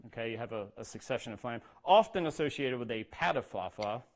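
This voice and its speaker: A man's voice: medium pitch, lively intonation, brisk, background noise. Man teaching drum rudiments step by step. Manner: explains step by step, says "okay?" often, speaks rudiment names in a rhythm. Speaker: percussion instructor. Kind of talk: instructional talk with demonstration.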